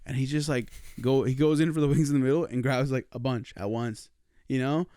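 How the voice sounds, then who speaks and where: A young man co-hosting a podcast, telling a story in casual chat, animated and swearing, laughing often. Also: mid-range voice, brisk, no room sound. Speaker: podcast co-host.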